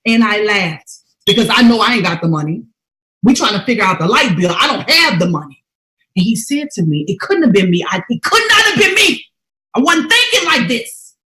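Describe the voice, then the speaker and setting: Lady giving a fired-up testimony, kinda high voice, echoey room, goes from quiet to loud. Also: very animated, fairly quick. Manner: emphatic, preacher-like, swings from hushed to loud. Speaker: motivational speaker. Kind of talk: testimony-style motivational talk.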